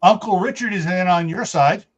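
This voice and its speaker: A man's voice: high-pitched, normal speed, highs cut off. A middle-aged man hosting a casual livestream chat, laughing often and reading out viewer comments. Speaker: host.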